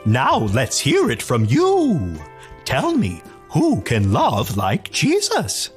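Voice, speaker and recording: A woman voices a friendly owl puppet with a gentle, sing-song manner in a children's Bible lesson. The delivery is very slow and drawn out, and the pitch swings widely. Faint music runs underneath. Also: wildly swooping pitch, full character voice. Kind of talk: scripted kids' Bible lesson.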